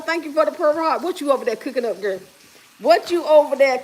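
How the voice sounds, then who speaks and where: Casual kitchen livestream: a woman host with a somewhat high voice chats and teases viewers while she cooks. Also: quick pace, a little mellow. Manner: chatty, teasing, reads viewer comments aloud. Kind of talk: casual chat with live viewers. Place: home kitchen while cooking.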